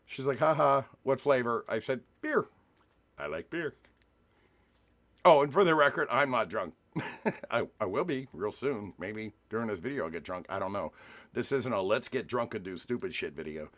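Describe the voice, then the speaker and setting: A man's voice: on the low side, lively intonation, brisk, a bit bright. A man vlogging casually to camera, joking and rambling with frequent restarts and asides.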